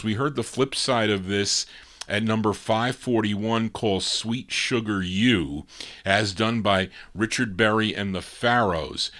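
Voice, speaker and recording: A male DJ with a fairly low voice, hoarse as he runs out of voice. He chats casually between records, laid-back and rambling, and stops to correct himself. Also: fairly bright tone. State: hoarse, losing his voice. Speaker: radio-style DJ host.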